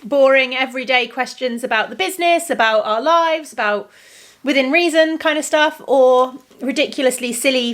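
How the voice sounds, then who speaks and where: A woman's voice: on the high side, a bit bright. A woman vlogger chatting casually to camera in the evening, with lots of ums. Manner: chatty, many ums, laughs often.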